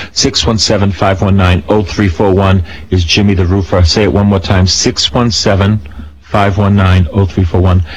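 Slow-spoken priest making an appeal. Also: male voice, lowish voice. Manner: slow, repeats addresses and phone numbers. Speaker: priest and radio host. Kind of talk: on-air appeal and blessing. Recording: dull lo-fi broadcast audio.

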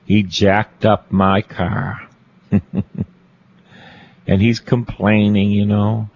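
낮고 거친 목소리의 남자 신부, 설교 중. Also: male voice, sits low, darkish tone, dull audio. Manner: repeats phrases for emphasis, asks the listeners questions. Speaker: Catholic priest. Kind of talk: storytelling sermon.

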